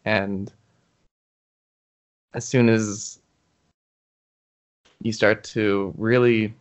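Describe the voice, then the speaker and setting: A young man answering interview questions in a thoughtful, hesitant way, restarting his sentences. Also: on the low side. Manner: thoughtful, hesitant, restarts often, gets emotional. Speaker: interview guest, YouTuber.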